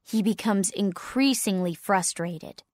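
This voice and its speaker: A woman narrating a story clearly and deliberately for English learners. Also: medium pitch, a little mellow, no echo, clean studio sound.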